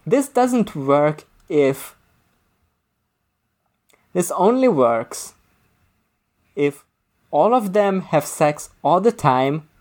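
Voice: medium pitch, lively intonation, very slow, long pauses, a little mellow. Podcast co-host, rambling, self-correcting, casual book talk.

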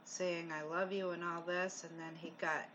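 On a muffled lo-fi recording with faint hiss, a woman co-hosting a paranormal investigation show chats casually about recordings and asks her partner's opinion. Her voice is on the low side and a bit bright, with little pitch movement and a moderate pace.

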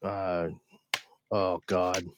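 A man's voice: sits low, little pitch movement, drawn-out words, background noise. A man hosting a casual podcast chat over a video call. He rambles with many restarts and laughs often. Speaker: podcast host.

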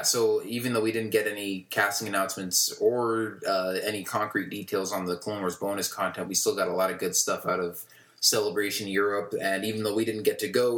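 A man co-hosts a fan podcast, talking casually and rambling with fillers. His voice sits very low. The room lends it a roomy echo. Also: fairly bright tone. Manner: rambling, many fillers and restarts. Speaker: podcast co-host.

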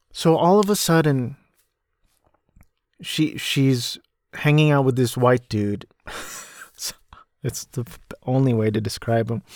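A man's voice: medium pitch, a little mellow, no echo, studio quality. A man hosting a podcast, casually recapping a film in a rambling, self-deprecating way, with frequent restarts. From United States. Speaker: podcast host.

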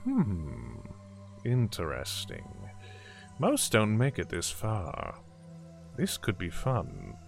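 A sinister disembodied man, put on by a game master, murmurs slowly in a lowered, hushed voice. He sounds cold and dismissive of those he means to kill. Faint music plays behind him. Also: huge pitch swings, vocal fry, full character voice. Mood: amused menace. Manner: slow, low, quiet menacing delivery.

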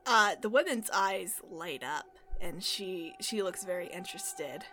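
A woman's voice: lowish voice, animated, a little slow, bright, forceful tone, soft background music. A woman narrating a tabletop game as game master, with hesitant, giggly narration.

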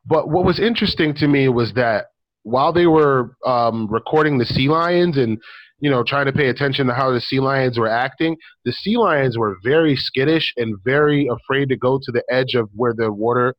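A man's voice: mid-range voice, moderate pace, highs cut off. A man chatting casually on a podcast, telling a story with lots of ums and likes. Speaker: podcast co-host. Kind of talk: casual chat.

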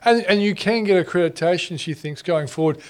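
A man's voice: high-pitched, a little fast. An Australian man co-hosting a talk show, bantering casually and introducing guests with jokes and frequent fillers. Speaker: co-host.

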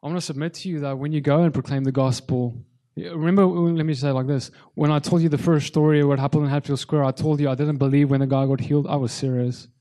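A man's voice: fairly high pitch, steady tone, fast talker, warm tone. A man preaching a sermon in an earnest, conversational way, often restarting his sentences.

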